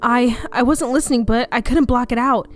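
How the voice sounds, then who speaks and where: A shaken but stubborn young medium from a story game talks plainly, as a woman reads her lines. The voice is fairly high, with soft music in the background. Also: fairly even intonation, moderate pace, close to an everyday voice. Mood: earnest. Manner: read plainly in her own voice.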